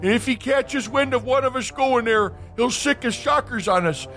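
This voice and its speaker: A man's voice: extremely high pitch, moderate pace, a bit bright, soft background music, pitched above the performer's own voice. A man voicing a scheming male rebel leader who brags and rallies his men for a coup. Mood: rousing. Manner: brash, boastful rallying speech.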